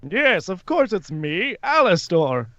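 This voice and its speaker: Scheming male veteran, game master voicing him, higher-pitched, cackling, lo-fi. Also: very animated, slow, fairly bright tone, no echo, exaggerated voice. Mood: sly. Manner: cackling, persuasive.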